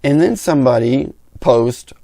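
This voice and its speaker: A man's voice: medium pitch, animated, unhurried, gravelly, warm tone, no room sound, studio quality. A middle-aged man who hosts a hobby channel, telling a story in a blunt, opinionated way. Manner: blunt, opinionated, talks with his hands in words. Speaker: RC pilot and channel host. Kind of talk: candid storytelling rant.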